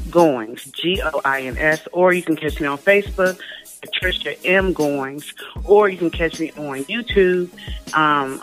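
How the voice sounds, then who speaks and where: A woman's voice: deep voice, fairly bright tone. A woman from Ohio, a guest artist talking easily in a casual interview over the phone. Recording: on the phone, music and crowd behind.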